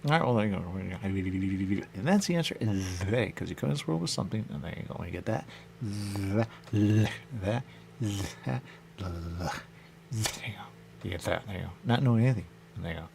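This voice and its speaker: A man with a very low, gravelly voice drifts through a rambling radio monologue. He circles back to the same phrases over and over in a loose, musing way. A faint hiss of noise sits under his voice. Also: expressive, normal speed. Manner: loose, repetitive, musing, keeps saying "there you go". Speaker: radio show host.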